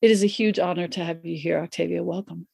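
A woman hosting a podcast, introducing her guest in an effusive, excitable way and riffing casually. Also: on the low side, fast, creaky, breathy edge, no room sound, clean studio sound. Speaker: podcast host. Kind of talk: warm podcast interview intro. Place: Santa Fe, US.

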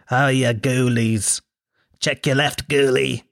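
An Irish man voicing a calm English male meditation guide who gives slow, soothing instructions laced with crude words. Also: mid-range voice, creaky, no echo, studio quality. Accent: put-on English.

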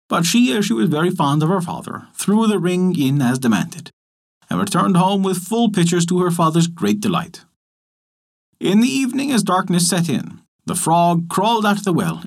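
A man narrating a folk tale as storyteller, in a measured storybook delivery. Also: fairly high pitch, creaky.

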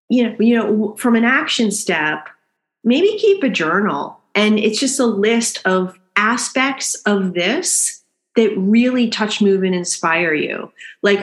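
A woman guiding a chakra tapping exercise in a gentle, instructive way, checking in with "okay?" as she leads. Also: medium pitch. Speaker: energy healer guiding an exercise. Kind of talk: guided chakra tapping session.

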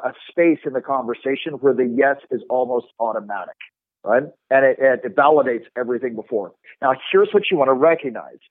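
A man coaching sales technique in an animated, instructive way, demonstrating tones with his own voice, heard over a remote line. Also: mid-range voice, no echo. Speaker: sales trainer. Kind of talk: instructive podcast talk. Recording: tinny phone-like line.

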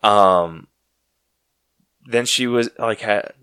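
A man hosting a casual podcast chat, excitable and full of "like" fillers. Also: lowish voice, drawn-out words, clean tone, no room sound. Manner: excitable, heavy use of "like" fillers. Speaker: podcast host.

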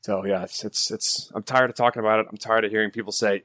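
A man's voice: lowish voice, fairly even intonation, fast talker, hardly any pauses, fairly bright tone, no room sound. A man co-hosting a casual podcast, ranting with repeated words and restarts. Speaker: podcast co-host.

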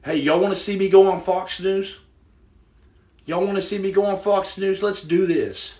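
A man hosting a casual livestream, reading viewer comments, joking loudly in slang and turning soft and earnest. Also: high-pitched, steady tone, moderate pace, roomy sound, distant mic. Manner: boisterous, jokey, slangy, swings to soft earnest. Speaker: livestream host.

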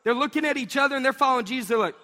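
Animated preacher in a big hall. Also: male voice, very high voice, rapid-fire. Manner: storytelling, animated, acts out voices. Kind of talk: sermon. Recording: long hall reverb.

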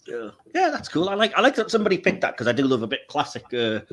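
A man hosting a casual podcast, chatty and quick to laugh. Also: a little high. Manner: chatty, laughs often, animated. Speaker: podcast host.

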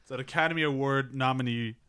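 A man's voice: medium pitch, quick pace, a bit bright, smooth. A man co-hosting a casual film podcast, rambling with many fillers and swearing. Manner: rambling, profane, filler-heavy. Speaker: podcast co-host.

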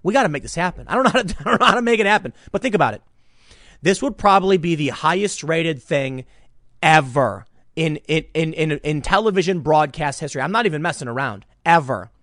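Male political commentator with a high, swooping voice. Rambling, animated delivery with many restarts. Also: fairly quick, no room sound, studio quality.

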